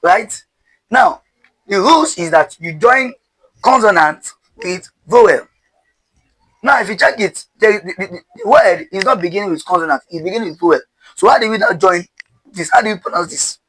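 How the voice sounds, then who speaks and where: Male pronunciation teacher, high voice, patient drilling: asks, answers, has you repeat. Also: expressive, moderate pace, fairly bright tone, husky, poor audio. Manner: spells out words letter by letter. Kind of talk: step-by-step pronunciation lesson.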